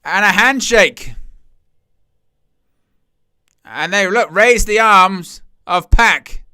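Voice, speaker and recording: A man hosting a live wrestling watch-along, calling the action with excited gasps and exclamations. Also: sits high, slow, smooth, no room sound, clean studio sound. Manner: animated, exclaiming "oh" at each move. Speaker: wrestling live-stream host.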